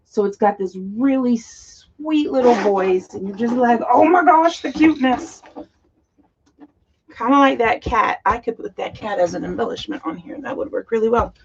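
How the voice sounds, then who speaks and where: A woman's voice: a little high, moderate pace, vocal fry, few pauses, dull audio, a little hiss or hum. A middle-aged woman, chatting casually and gushing as she works on a scrapbook page at her craft desk. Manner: chatty, gushing, talks while working. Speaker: teacher and crafting channel host. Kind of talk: casual chat while scrapbooking.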